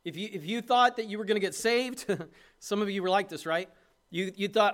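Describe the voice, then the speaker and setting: A middle-aged man, a pastor preaching a sermon with impassioned urging that drops to soft tenderness. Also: sits high, brisk.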